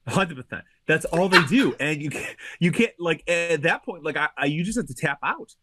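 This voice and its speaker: A man's voice: a little high, expressive, brisk, heavy background noise. A man co-hosting a podcast, talking bluntly and emphatically, often repeating his points. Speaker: podcast co-host. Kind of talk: casual podcast commentary.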